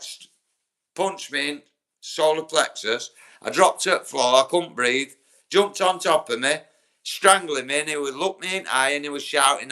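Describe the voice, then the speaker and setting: Brief: young Yorkshire man, livestream host, blunt and profane, bright forceful tone. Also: on the high side. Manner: blunt, sweary, talks straight to chat viewers by name. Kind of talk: casual livestream chat.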